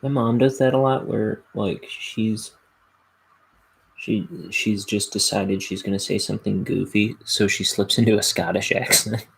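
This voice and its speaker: Gravelly, husky man chatting while drawing. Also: fairly low pitch, steady tone, a little slow, rough recording. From United States. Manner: rambling, self-talking, laid-back. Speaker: artist streaming while inking a graphic novel. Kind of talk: casual streaming chat.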